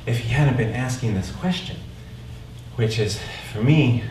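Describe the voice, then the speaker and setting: A man tells a personal story as a one-man stage show, chatty and direct, often asking "right?" of his listeners. His mid-pitched voice is picked up from a distance in a very echoey hall, with clear background noise underneath. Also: animated, unhurried, darkish tone. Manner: conversational, keeps checking in with "right?". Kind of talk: theatrical storytelling monologue. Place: live stage in a theater. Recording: echoey room, mic far off, noisy.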